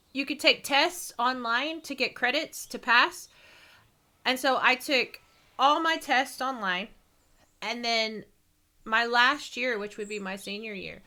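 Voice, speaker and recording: A woman chats casually with her viewers, rambling and poking fun at herself. She laughs often. Her voice sits a bit high and rings bright. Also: expressive, measured pace. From East Texas. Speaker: streamer reading viewer comments. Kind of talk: casual chat.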